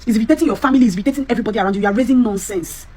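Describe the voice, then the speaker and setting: A woman in an angry rant, scolding and exasperated, shouting in bursts. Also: on the high side, very fast. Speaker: clip speaker. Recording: faint background noise.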